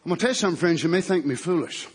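A man preaching a fervent sermon, shouting and then dropping low. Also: animated, very fast, breathy edge. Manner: fervent shouting, swinging from loud to soft.

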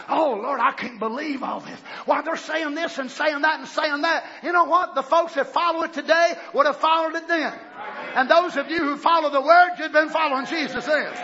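A man preaching a fiery sermon, shouting and swinging into mocking impressions. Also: extremely high pitch, brisk, a faint crowd. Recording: lo-fi muffled sound.

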